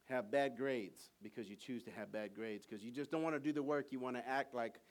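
A man preaching a sermon in a church, animated, asking the congregation for call and response. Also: mid-range voice, brisk.

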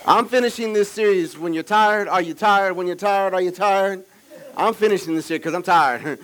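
A man pastor preaching an energetic sermon with call-and-response, swinging from shouts to quiet asides. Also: sits high, normal speed, low-quality recording. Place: church service with children present.

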